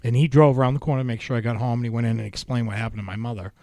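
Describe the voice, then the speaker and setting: Man in his fifties, podcast host, animated, swears a lot, mid-pitched voice. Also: very fast, no room sound, clean studio sound. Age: 50s. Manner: animated, profane storytelling. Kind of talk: casual chat.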